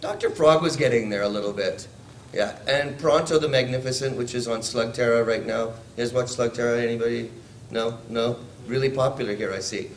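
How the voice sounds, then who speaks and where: Man, voice actor, animated panel storytelling, roomy hall, faint background noise. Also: medium pitch, recorded from a distance. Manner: lively, jokey, drifts into quick voices. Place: large convention panel room.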